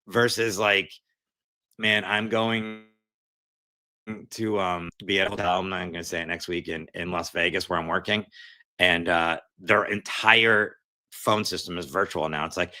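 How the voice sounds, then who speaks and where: A man who is a comedian guest on a podcast, telling a casual, animated rant and putting on voices to mimic others. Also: fairly low pitch, moderate pace. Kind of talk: casual chat.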